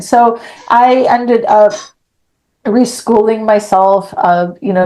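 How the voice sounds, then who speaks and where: Middle-aged woman guest on a podcast, frank and lively, voices each line of her story as she tells it. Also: medium pitch, low-quality recording. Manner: animated, acts out dialogue, frank and blunt. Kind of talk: personal storytelling in an interview.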